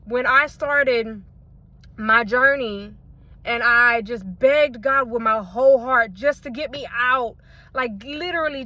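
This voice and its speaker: A faith content creator with a fairly high voice speaks slowly in a bright, forceful tone, recorded dry on a phone she holds in her hand. She gives her viewers a fervent personal testimony, repeating phrases and calling them y'all.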